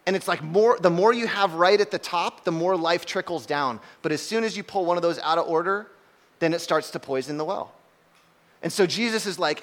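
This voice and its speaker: A young man preaching a casual, conversational sermon, telling a story with lively acted-out shouts. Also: sits high, a little fast. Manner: animated, conversational, acts out shouts and laughs.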